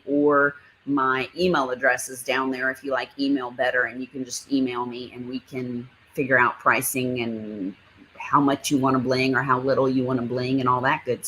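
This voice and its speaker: A woman's voice: very deep voice, fairly bright tone, slight background noise, rough recording. A woman hosting a casual livestream, chatting and greeting viewers by name as she reads their comments. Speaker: livestream host. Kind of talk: casual live chat reading comments.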